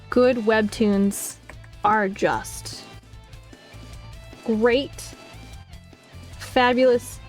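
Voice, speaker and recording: A woman with a high voice chats casually on stream while drawing. She swears freely and tells stories animatedly, slipping into mocking voices for other people. Faint music plays quietly in the background. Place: home streaming setup.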